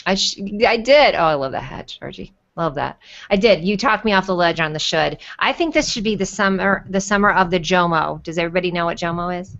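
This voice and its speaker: A woman's voice: on the low side, expressive, fairly quick, vocal fry, fairly bright tone, highs cut off. A woman hosting a casual video call chat, playful and chatty, cursing now and then. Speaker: host.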